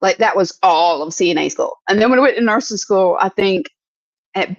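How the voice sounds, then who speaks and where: A woman's voice: mid-range voice, a little fast, no echo. A middle-aged woman, co-hosting a casual chat and telling stories with acted-out quotes. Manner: earnest, storytelling with acted-out quotes. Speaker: podcast co-host. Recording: dull, dry sound.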